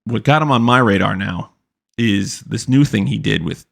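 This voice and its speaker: A man's voice: lowish voice, normal speed, creaky, fairly bright tone. A young man hosting a podcast, ranting bluntly with constant swearing and mocking impressions of people. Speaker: podcast host. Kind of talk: profane ranting commentary.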